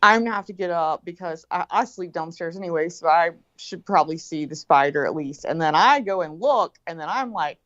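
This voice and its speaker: A middle-aged woman telling a story in casual chat, animated and profane, acting out what people said. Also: lowish voice, brisk, few pauses. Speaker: guest. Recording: dull lo-fi sound.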